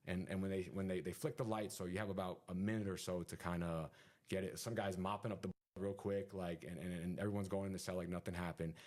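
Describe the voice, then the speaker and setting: A man telling a story in casual conversation as a podcast guest, animated and full of sound effects and fillers. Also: deep voice, fast talker.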